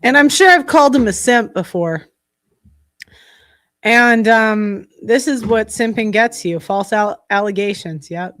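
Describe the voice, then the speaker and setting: A woman's voice: a little high, unhurried, a bit bright, no echo, clean studio sound. Blunt, profane woman streamer. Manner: heated, blunt and profane, with frequent restarts. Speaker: livestream host. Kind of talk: casual livestream commentary.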